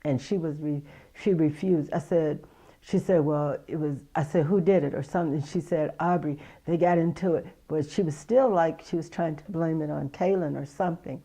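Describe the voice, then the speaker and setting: A middle-aged woman, a mother, giving halting, emotional testimony in an interview and retelling the conversations she had. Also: sits low, mellow, low-quality recording.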